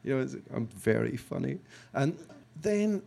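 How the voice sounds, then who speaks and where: A man from Scotland telling a story to an audience, self-mocking and halting, with frequent restarts, acting out what other people said. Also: medium pitch, sing-song, creaky, dark tone. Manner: halting restarts and repeated words. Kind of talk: storytelling talk.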